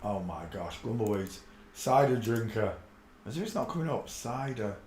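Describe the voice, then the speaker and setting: A man's voice: fairly low pitch, expressive, normal speed, darkish tone, a little hiss or hum. A man hosting a casual live stream, rambling and muttering to himself as he searches for clips. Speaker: channel host. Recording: echoey room.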